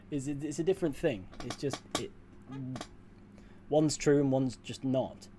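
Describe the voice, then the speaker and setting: A man's voice: medium pitch, unhurried, noisy background. A young British man, a streamer chatting casually with his viewers, blunt and sweary with dry asides. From United Kingdom. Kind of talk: casual livestream chat, answering viewers.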